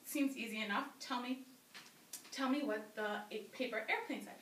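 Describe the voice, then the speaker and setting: A brisk female police officer speaks politely and matter-of-factly, as a woman storyteller plays her. The voice is high and bright. It carries through a roomy space to a far microphone. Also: a little hiss or hum, close to an everyday voice. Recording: roomy, distant live-stage mic.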